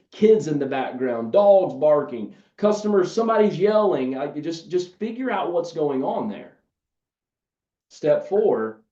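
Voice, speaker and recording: A man's voice: medium pitch, warm tone, roomy sound, dull audio. Emphatic man coaching a webinar. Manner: emphatic, coaching, role-plays phone calls. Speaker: business coach. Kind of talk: live webinar training. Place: home office.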